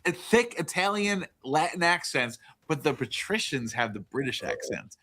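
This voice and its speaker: A man's voice: a little high, very animated, normal speed, a bit bright. A man on a debate stream talking in a loose, rambling way with lots of fillers. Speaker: panelist. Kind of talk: casual debate chat.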